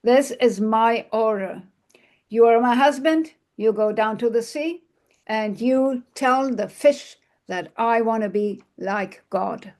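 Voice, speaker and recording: A woman's voice: on the high side, takes it slowly, a little mellow. A woman voicing a power-hungry wife who gives her husband orders in an insistent tone. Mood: commanding. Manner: commanding and insistent. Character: greedy, power-hungry wife demanding to be God.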